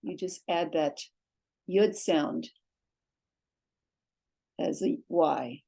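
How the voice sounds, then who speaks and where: Slow, patient woman teaching letters. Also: sits low, gravelly, mellow, breathy edge, poor audio. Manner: slow, patient, drills sounds one by one. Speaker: Hebrew teacher. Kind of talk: classroom lesson, reading out vowels and letters. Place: classroom with a board.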